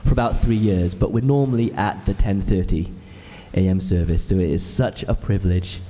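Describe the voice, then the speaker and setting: A man's voice: low voice, moderate pace, dark tone, long reverb tail. A man in his thirties, an ordinand, preaching a sermon in a church with earnest, explanatory storytelling. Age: 30s.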